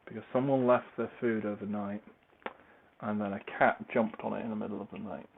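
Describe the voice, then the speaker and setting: A man's voice: on the low side, steady tone, a little fast, creaky. A man talking in a casual, meandering, self-deprecating monologue while he moves about tidying his home. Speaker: podcaster reviewing a book series. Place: at home, large open-plan room. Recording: tinny phone-like recording, faint noise.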